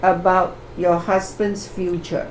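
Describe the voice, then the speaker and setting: A woman's voice: lowish voice, slow pace, slight background noise. A woman leading a wellness workshop as a hypnotherapist, telling stories and acting out the voices of the people in them. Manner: animated, acts out the people in her stories. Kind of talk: wellness workshop talk with storytelling.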